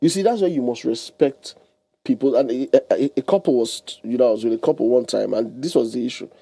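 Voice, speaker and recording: A man, giving lively advice as a guest on a radio talk show, explaining with everyday examples and laughing often. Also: medium pitch, quick pace, gravelly, slightly rough, no room sound. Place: radio studio.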